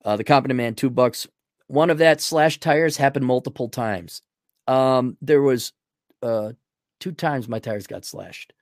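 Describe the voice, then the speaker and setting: A man hosting a podcast, reading out donor messages and answering them in blunt, crude, rambling talk that swings from loud outbursts to low muttering. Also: measured pace, dry recording, studio quality. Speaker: podcast host. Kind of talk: livestream donation reading.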